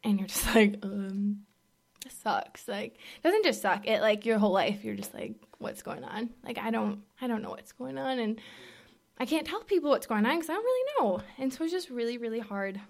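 A young woman giving a personal testimony at a faith gathering, speaking candidly and haltingly with many fillers, sometimes dropping to a whisper. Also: fairly high pitch, expressive, creaky. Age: young adult. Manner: drops to a whisper at moments.

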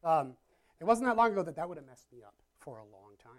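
Fast-talking and animated at a medium pitch, this chatty preacher addresses a live crowd in a church or meeting room. The sermon is casual and conversational, full of self-deprecating asides and questions for the listeners.

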